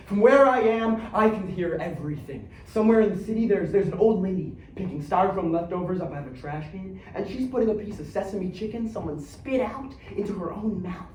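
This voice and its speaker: A man's voice: high voice, a little fast, hardly any pauses, a little mellow, close to an everyday voice. An actor on a theater stage playing a streetwise young man who believes he is Batman, talking in slang and acting out fights with sound effects. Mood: brooding. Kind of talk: theatrical monologue. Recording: echoey stage recorded from far off.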